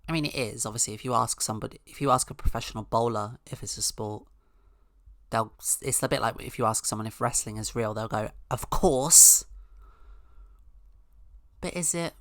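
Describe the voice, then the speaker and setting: A woman's voice: a bass voice, fast, fairly bright tone, dry recording, clean studio sound. A woman hosting a podcast, telling a rambling, sarcastic comic story with mock-outraged asides. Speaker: podcast host. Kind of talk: casual comedic monologue.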